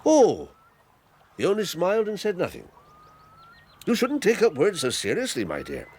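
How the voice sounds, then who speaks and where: A man's voice: sits high, huge pitch swings, normal speed, darkish tone, slight background noise. An actor playing a hearty, talkative old country squire in a radio drama, rambling and fatherly. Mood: genial. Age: older. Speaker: Squire Hamley. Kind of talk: 1980s radio drama acting.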